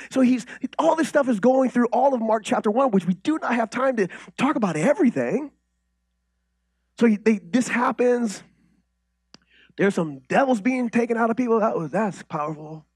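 A man preaches a sermon in a high, husky voice, moving between booming declarations and near-whispered asides. He talks conversationally, tossing out rhetorical questions and restarting his sentences. The sound is dry and close. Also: normal speed, dry recording. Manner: animated, swings from loud declarations to quiet intimate asides. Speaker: pastor.

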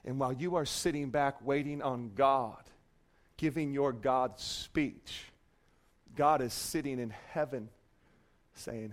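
A man preaching a sermon as pastor, swinging between loud declarations and hushed, quiet asides. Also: medium pitch, slow pace.

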